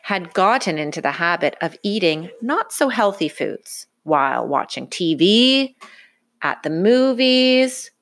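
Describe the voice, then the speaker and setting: A woman reading a picture book aloud to a child in an expressive, sing-song way. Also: lowish voice, unhurried. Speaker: storybook reader.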